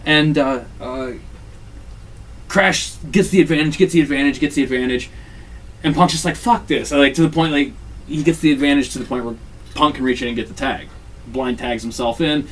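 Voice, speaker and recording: Profane, animated man telling a story. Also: medium pitch, brisk, far from the mic, slight background noise. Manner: profane, animated, acts out quotes. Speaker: podcast host recapping a wrestling game. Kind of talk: casual storytelling chat.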